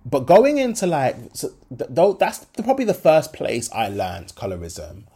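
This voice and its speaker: A man's voice: fairly high pitch, big pitch swings, moderate pace, warm tone, husky. A young adult man, hosting a solo podcast and talking candidly in slangy speech with many fillers. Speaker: podcast host.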